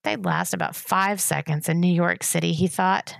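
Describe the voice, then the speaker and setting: Woman, audiobook narration, very gravelly voice, dry close sound. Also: fairly low pitch, moderate pace, no room sound. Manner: steady, expressive reading, voicing each character. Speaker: reader.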